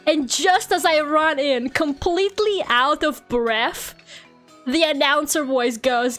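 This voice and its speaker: A woman streamer chatting casually while gaming, telling stories in an animated way and swearing freely. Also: sits high, slow, faint music behind. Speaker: VTuber streamer.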